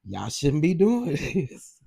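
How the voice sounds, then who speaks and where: A man's voice: a little high, wildly swooping pitch, slow, vocal fry, mellow, slightly rough. A man hosting a casual livestream, gossiping animatedly and exclaiming straight to his viewers. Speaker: livestream host.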